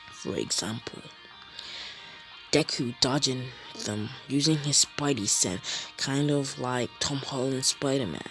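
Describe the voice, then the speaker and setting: A man's voice: medium pitch, gravelly, sharp tone, low-quality recording. A young man casually retelling a fan story, rambling with fillers and asides.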